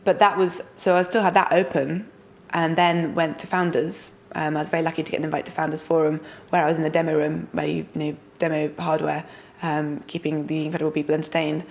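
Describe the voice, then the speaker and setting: Low-voiced, upbeat young woman. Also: vocal fry. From United Kingdom. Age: young adult. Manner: energetic, enthusiastic, quick asides. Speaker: startup founder and guest. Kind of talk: casual interview talk.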